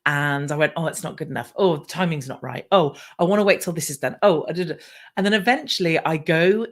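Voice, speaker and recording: British woman telling a lively story. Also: sits low, quick pace. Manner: animated, acts out her own past dialogue. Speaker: guest. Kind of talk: casual storytelling interview.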